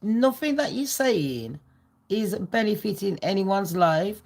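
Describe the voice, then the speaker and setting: A woman's voice: medium pitch, lively intonation, takes it slowly, vocal fry, a little mellow. A woman vlogging gossip in a ranting, sarcastic monologue full of swearing and scorn.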